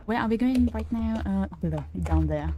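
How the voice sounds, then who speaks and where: A woman's voice: medium pitch, expressive, normal speed. A woman chatting casually with her viewers while playing a game, laughing often. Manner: chatty, giggly, talks to chat. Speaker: streamer. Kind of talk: casual gameplay livestream.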